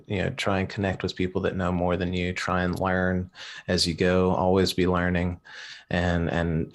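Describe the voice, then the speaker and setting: A man co-hosting a casual livestream podcast, talking in a laid-back, earnest, halting way. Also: low voice. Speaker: podcast co-host.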